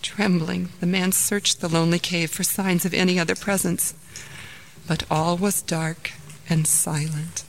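A woman's voice: fairly low pitch, level tone, measured pace, a little hiss or hum. A woman narrating a children's story and voicing a kind, patient mother. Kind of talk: storybook reading.

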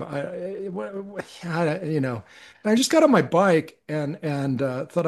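A man's voice: fairly high pitch, normal speed, creaky. A middle-aged man, a podcast guest, telling a personal story in an earnest, reflective way, with frequent restarts.

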